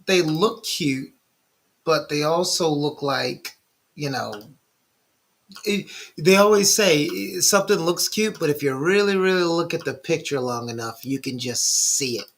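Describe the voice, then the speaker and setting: A woman's voice: low-pitched, unhurried. A woman co-host in a casual chat, making playful, teasing interjections.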